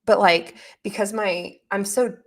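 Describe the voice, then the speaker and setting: A woman hosts a live reaction stream, chatting casually and reading viewers' messages aloud. Her voice sits at a middle pitch but runs low on energy, with a light rasp near vocal fry. She talks loosely and gets sidetracked easily. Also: fairly even intonation, measured pace. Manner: chatty and easily distracted, reads chat aloud.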